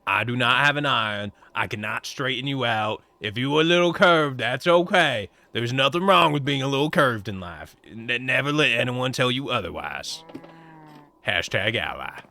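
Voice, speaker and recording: Man, livestreamer, put-on cowboy drawl, teasing, joking, bright tone. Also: medium pitch, animated, normal speed, gravelly. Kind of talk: casual live-stream chat while gaming.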